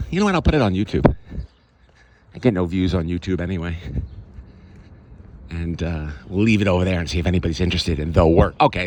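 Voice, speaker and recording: A man with a fairly low voice walks the streets and talks to his handheld camera in a chatty, sarcastic way. Faint traffic noise runs behind him outdoors. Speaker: vlogger walking his neighborhood. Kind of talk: casual walking vlog.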